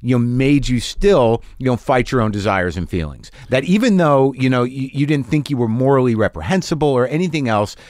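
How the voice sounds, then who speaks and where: A man hosting a casual interview, thoughtful and halting, restarting his sentences as he works through an idea. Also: medium pitch, expressive, a little mellow, no echo. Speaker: podcast host.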